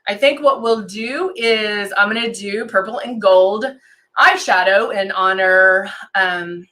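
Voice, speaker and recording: A woman's voice: mid-range voice, takes it slowly, bright, forceful tone. A woman hosting a casual live-stream makeup tutorial, chatting with lots of ums and greeting viewers by name as she works. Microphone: desk camera and monitor setup.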